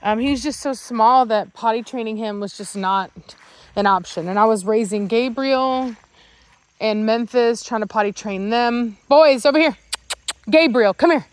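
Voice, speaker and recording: A woman's voice: on the high side, fairly even intonation, moderate pace. Chatty woman breeder talking about her dogs. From Virginia, United States. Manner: chatty, coos baby talk at the dogs. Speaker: dog breeder. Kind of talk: casual vlog talk to camera and dogs. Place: home with dogs around.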